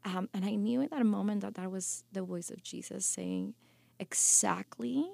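A woman's voice: medium pitch, normal speed, gravelly, darkish tone, dry recording. A woman guest on a podcast, telling a personal testimony earnestly and emotionally, often restarting her sentences. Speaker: podcast guest, life coach.

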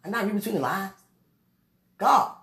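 A vlogger speaking an emotional, pleading prayer to the camera, swinging between quiet murmurs and excited bursts. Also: mid-range voice, a little fast, breathy edge. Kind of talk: casual spoken prayer to camera.

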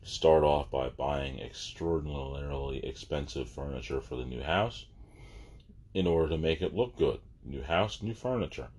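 A man's voice: rumbling low, moderate pace, darkish tone, breathy edge. A man vlogger telling a story in a casual, exasperated, ranting way.

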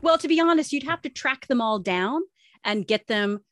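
A woman's voice: sits high, moderate pace. A young woman co-hosting a podcast in casual chat, talkative and swearing freely. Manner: chatty, lively, swears casually. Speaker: podcast co-host. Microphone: remote call mic.

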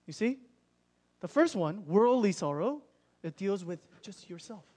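A man's voice: high voice, lively intonation, a little slow, a little mellow. A young man preaching a sermon in an earnest, conversational way, acting out people's inner thoughts as he explains. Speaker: pastor.

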